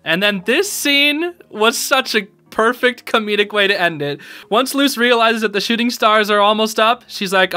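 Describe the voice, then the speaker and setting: A man giving a casual, excited reaction to a show's episode, full of slang and calling the listener dude and bro, and a bit emotional about it. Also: high-pitched, moderate pace, few pauses, dry recording, soft background music. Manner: emotional, a little teary. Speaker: YouTube show reviewer.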